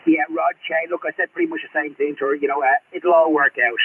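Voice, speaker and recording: A man's voice: on the high side, fairly even intonation, quick pace, a little hiss or hum. A middle-aged Australian man chatting on CB radio, rambling and swearing all the time. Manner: rambling, swears constantly, blunt. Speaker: CB radio operator. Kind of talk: casual radio chat. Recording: tinny radio transmission.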